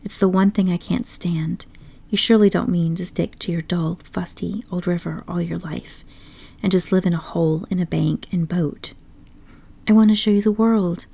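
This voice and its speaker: A woman voicing a boastful, excitable male toad in an audiobook story, talking grandly and pushily. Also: lowish voice, moderate pace, gravelly, husky. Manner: grandly enthusiastic, pushy.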